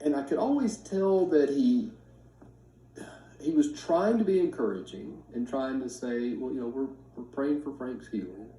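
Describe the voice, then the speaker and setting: A man in his fifties telling a story casually to family and friends, acting out the quoted voices with lively emphasis. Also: mid-range voice, moderate pace. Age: 50s. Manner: animated, acts out quoted speech. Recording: roomy sound from a distance.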